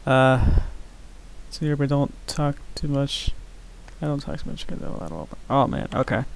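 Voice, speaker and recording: A man talks in an even monotone at a middle pitch while he works on an animation. He chats quietly with his stream audience and fills his pauses with "uh" and "like". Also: creaky, poor audio. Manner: soft-spoken, mumbling, many fillers. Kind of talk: casual live-stream chat.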